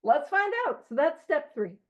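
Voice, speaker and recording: High-voiced woman cracking jokes at herself while leading a study group, kinda muffled lo-fi sound. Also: moderate pace. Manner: animated, joking, self-deprecating. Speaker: study leader. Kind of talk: recovery book study talk. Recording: dull lo-fi recording.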